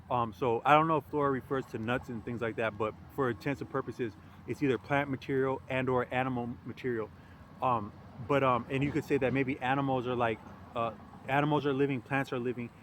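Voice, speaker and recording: A man musing aloud in a casual philosophical monologue, rambling and halting with frequent restarts and fillers. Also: medium pitch, a little hiss or hum. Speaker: podcast host.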